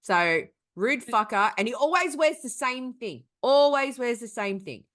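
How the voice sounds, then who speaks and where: Woman, young adult, podcast co-host, swearing storyteller, lively rising and falling pitch. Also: normal speed. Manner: animated, profane storytelling. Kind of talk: casual chat.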